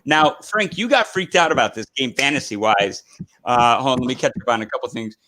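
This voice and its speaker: A man's voice: mid-range voice, expressive, a little fast, bright, forceful tone, no echo, poor audio. Rambling male live-stream host. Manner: rambling, full of fillers and restarts. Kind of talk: casual live-stream chat.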